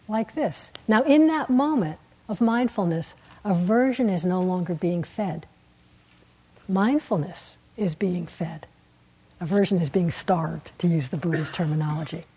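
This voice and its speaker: Gentle husky woman meditation teacher. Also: on the low side, low-quality recording. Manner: gentle, unhurried, with soft laughs and quiet trailing endings. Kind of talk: dharma talk. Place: meditation hall.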